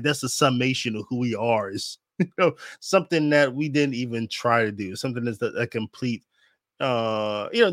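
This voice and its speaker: A man's voice: mid-range voice, a bit bright, no echo, clean studio sound. A man hosting a casual livestream show, rambling and chuckling at himself, groggy from a nap. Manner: rambling, self-deprecating, chuckling. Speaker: show host. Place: home studio in Germany.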